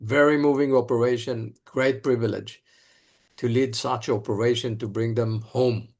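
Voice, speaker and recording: An older man with an Israeli accent, an interview guest telling stories in earnest, halting English. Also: medium pitch, steady tone, a little mellow. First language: Hebrew. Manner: earnest, halting, broken phrasing. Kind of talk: storytelling in an interview.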